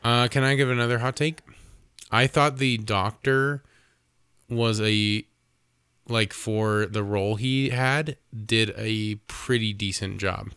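A man's voice: on the low side, fairly even intonation, slow, a bit bright, clear, resonant tone, dry recording, studio quality. A man co-hosting a casual movie review podcast, swearing freely and laughing at a bad film. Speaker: podcast co-host.

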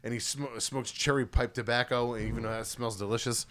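A man hosting a casual podcast chat about music, excitable, profane and rambling. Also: mid-range voice, brisk. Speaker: podcast host.

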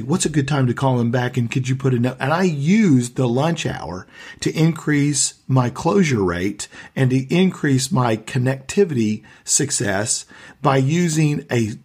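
Husky-voiced man telling sales stories. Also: mid-range voice, a little mellow. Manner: firm, storytelling. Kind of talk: casual conversation about sales.

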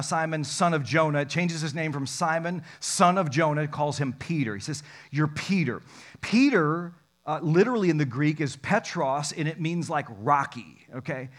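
A pastor preaching a lively sermon, mixing scripture reading with jokes, swinging between loud and soft. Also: male voice, a little high. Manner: animated, jokey preaching with sudden loud and soft turns.

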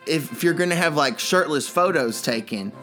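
A man's voice: on the high side, lively intonation, normal speed, sharp tone, soft background music. A man co-hosting a radio show, teasing and joking in comedic banter. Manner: playful, teasing.

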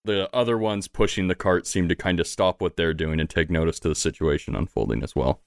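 A man's voice: low-pitched, fairly quick, vocal fry, dry recording, clean studio sound. An easygoing man narrating a tabletop game as game master, laughing often.

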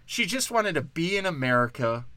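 A man's voice: fairly high pitch, very animated, moderate pace, pushed and bright, no room sound. A tipsy man hosting a podcast, delivering a crude, rambling comedic monologue and often breaking off mid-thought. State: tipsy from tequila.

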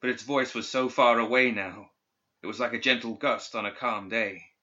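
A man reading a dark fantasy story aloud in steady, even scripted narration. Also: medium pitch, normal speed. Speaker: audiobook narrator. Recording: dull lo-fi recording.

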